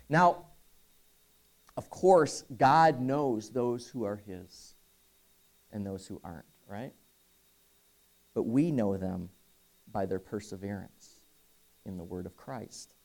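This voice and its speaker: A man's voice: mid-range voice, dark tone. A man preaching a sermon as pastor, earnest and emphatic, with rhetorical questions and bursts of rising intensity.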